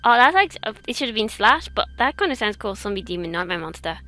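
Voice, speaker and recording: A woman's voice: mid-range voice, sing-song, fast, sharp tone. A young English woman from England chatting casually as she takes online quizzes, rambling and poking fun at herself. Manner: chatty, rambling, self-mocking. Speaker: YouTuber. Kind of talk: casual quiz commentary.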